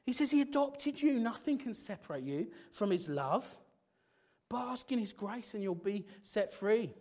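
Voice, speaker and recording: A man preaches a sermon in a voice notably high for a man, with a sing-song, unhurried delivery that lifts and falls throughout. His passion builds to loud exclamations, then drops into hushed intensity.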